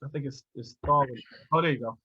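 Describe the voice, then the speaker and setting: A man presenting to teachers in an animated storytelling lecture, restarting often and chuckling as he goes, over a video call. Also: medium pitch, fast talker, husky, highs cut off.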